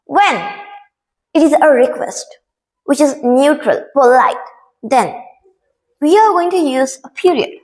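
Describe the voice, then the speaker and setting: A woman's voice: high voice, animated, slow pace, long pauses, a little mellow, rough recording. A young woman explaining an English grammar lesson as a teacher, patient and repeating key words.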